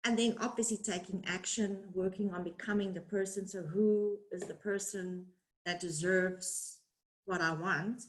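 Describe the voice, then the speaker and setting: A South African woman talks over a video call, her accent drifting toward American. She is chatty and self-deprecating, with an everyday middle pitch. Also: steady tone, unhurried, a little hiss or hum, low-quality recording. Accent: South African with some American. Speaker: webinar guest speaker. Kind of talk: casual webinar talk.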